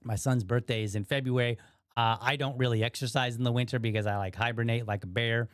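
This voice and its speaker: A man in his thirties tells a story on his podcast in a mid-pitched voice. His telling is animated and rambling, with restarts and acted-out quotes. The sound is close and dry, with no room echo. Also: quick pace, smooth. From USA. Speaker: podcast host. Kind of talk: casual storytelling monologue.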